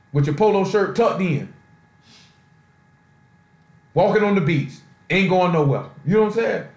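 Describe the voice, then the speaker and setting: A man giving an informal sermon on a conference call, talking in a loose, streetwise way full of rhetorical asides. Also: high-pitched. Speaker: preacher. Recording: roomy echo.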